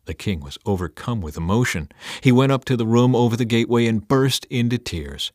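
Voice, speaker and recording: A man reading scripture aloud in a measured, steady scripted narration. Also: fairly low pitch, dry recording, clean studio sound. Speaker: scripture reader.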